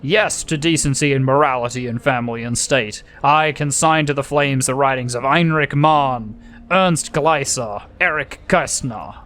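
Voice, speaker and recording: A man voicing a fanatical male propaganda minister who booms a speech, read aloud from a game. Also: unhurried, fairly bright tone, natural voice. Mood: declaiming. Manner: booming speech over a microphone.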